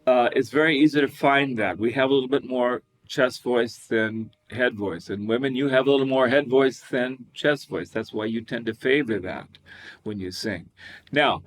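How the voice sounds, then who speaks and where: A man teaching a singing lesson, talking about voice registers and breaking into sung falsetto whoops to demonstrate. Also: normal speed, soft background music. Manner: animated, demonstrates with high falsetto whoops and laughs. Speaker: vocal coach.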